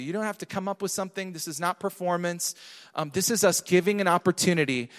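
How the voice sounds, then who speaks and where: A man with a fairly high voice preaches in a church hall with long reverb. He swings between soft, close urging and loud, emphatic declarations. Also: quick pace. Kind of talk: sermon.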